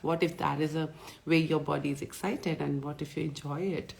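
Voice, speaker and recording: A woman's voice: deep voice, steady tone, moderate pace, gravelly, a little mellow, a little hiss or hum. A woman, a life coach hosting a live morning session, playful, greeting viewers by name and musing aloud.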